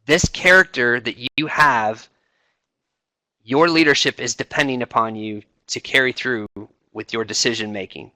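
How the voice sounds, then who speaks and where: Middle-aged man, senior enlisted advisor, bright dry voice, loose conversational delivery with fillers. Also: medium pitch, moderate pace, no echo. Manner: conversational, many fillers and restarts. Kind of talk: informal talk to a webinar audience.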